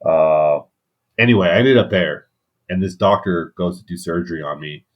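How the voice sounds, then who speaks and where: A man's voice: low voice, moderate pace, highs cut off. A man, a podcast guest, telling a candid story in casual talk, swearing now and then.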